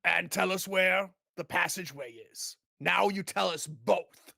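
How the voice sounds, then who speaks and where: A man doing a shrill frantic prisoner. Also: a little slow, gravelly, pushed and bright, no room sound, studio quality, exaggerated voice. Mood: pleading. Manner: frantic, pleading. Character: panicked male prisoner, desperate and shrill.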